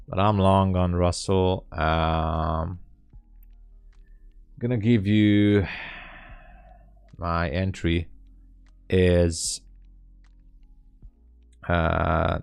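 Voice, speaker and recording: Slow, low-voiced man thinking aloud. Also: vocal fry, darkish tone, clean tone, faint music behind. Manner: muttering, joking, self-talk with sighs and fillers. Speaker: day trader streaming live trades. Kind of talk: live trading commentary, thinking aloud.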